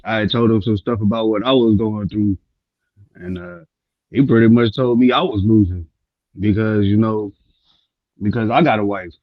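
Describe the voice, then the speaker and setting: Low-voiced man on a dull line. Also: moderate pace, pauses often, no room sound. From Milwaukee, US. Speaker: guest caller. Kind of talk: casual chat.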